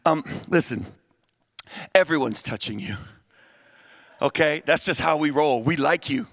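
A man's voice: a little high, animated, unhurried, gravelly, a bit bright, no room sound, clean studio sound, pitched below the performer's own voice, full character voice. A man voicing a male disciple who coaxes and soothes in casual slang. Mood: placating. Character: male disciple calming his teacher, easygoing.

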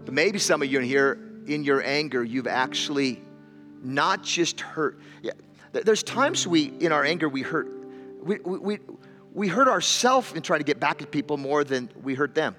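A man's voice: a little high, lively intonation, moderate pace. A man preaching in a church hall, telling a story with stumbles and repeated words. Faint music plays under his voice. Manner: storytelling, repeats words, builds to loud emotional climax. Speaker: pastor. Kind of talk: sermon.

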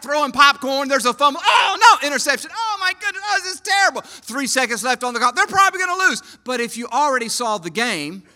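High bright-voiced man preaching with fire. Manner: dynamic preaching, swings from hushed to shouting; talks with the crowd, asks for hands. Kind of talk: sermon. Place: conference hall.

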